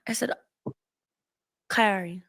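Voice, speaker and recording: A woman's voice: medium pitch, takes it slowly, vocal fry, a bit bright. A woman telling a rambling story in casual chat, laughing and acting out what people said. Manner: rambling, laughing, acts out quotes.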